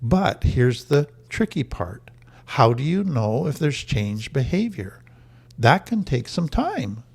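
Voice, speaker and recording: Guy with a gravelly voice teaching about healing, earnest, keeps hammering the main point. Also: medium pitch, big pitch swings, slow pace. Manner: earnest, emphatic, repeats key phrases. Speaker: trauma recovery teacher. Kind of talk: teaching talk to camera.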